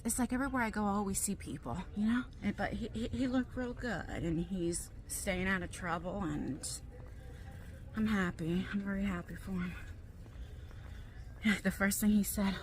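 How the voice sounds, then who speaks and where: A woman talks casually to her viewers while filming herself on a handheld phone. Her talk rambles and jumps between topics in a loose, chatty way. Faint background noise sits under her voice. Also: mid-range voice. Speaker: YouTuber. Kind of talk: casual vlog chat while shopping.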